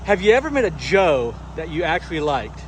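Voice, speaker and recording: A man's voice: fairly high pitch, very animated, a little fast. A man filming a casual work vlog, muttering sarcastic complaints while he washes a house outdoors. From United States. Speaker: pressure washing business owner. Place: outdoors at a house job site. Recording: noisy outdoor sound.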